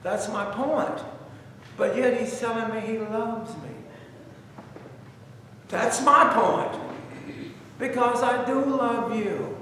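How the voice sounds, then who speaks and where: A man with a high voice leads a church Bible study, repeating his points and urging the group to stop and think. He is recorded from a distance in a very echoey room with a long hall reverb. Faint room ambience sits underneath. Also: a little slow, a little hiss or hum. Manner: conversational, repetitive, exhorting.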